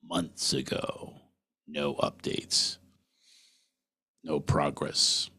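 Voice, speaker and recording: A man's voice: very deep voice, level tone, very slow, sharp tone, breathy edge. A middle-aged man hosting a podcast, talking earnestly through a personal monologue and putting questions straight to the listener. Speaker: podcast host.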